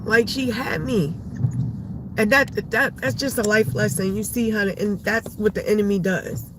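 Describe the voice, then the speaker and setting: A woman's voice: mid-range voice, steady tone, moderate pace, noisy background. A woman hosting a live stream, talking to viewers about faith in an emphatic, repetitive, preachy way. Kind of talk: casual faith talk to viewers.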